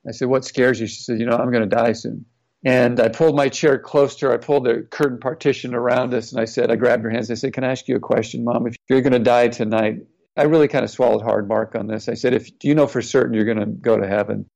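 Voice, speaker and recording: In slightly dull, lo-fi audio, a middle-aged man who once played pro football in the NFL shares a personal story as an interview guest. He talks fast in a mid-range, gravelly, darkish voice with fairly even intonation, sounding earnest and reflective as he recounts quotes.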